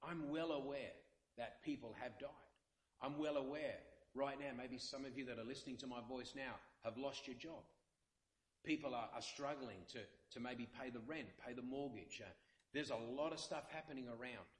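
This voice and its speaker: A man's voice: mid-range voice, moderate pace, echoey room. A male pastor, possibly, delivering an earnest sermon with many repeated phrases. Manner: earnest, repetitive preaching with dramatic quotes.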